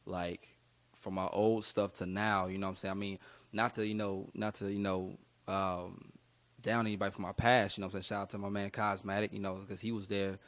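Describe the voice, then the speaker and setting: Young adult male rapper, lowish voice, casual rambling interview storyteller. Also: level tone, a little fast. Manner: laid-back, slangy, rambling with many fillers. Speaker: rapper guest.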